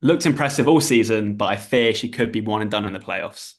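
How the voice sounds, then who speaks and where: A man's voice: on the low side, fairly quick. A man co-hosting a casual podcast, reading out a prepared list with dry asides. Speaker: podcast co-host.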